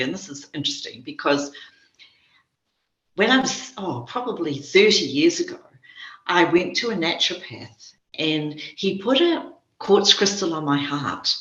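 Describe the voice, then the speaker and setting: An older woman from New Zealand, a guest spiritual teacher telling stories in a gentle, reflective way over a video call. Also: low voice, echoey room, lo-fi sound. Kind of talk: casual conversation.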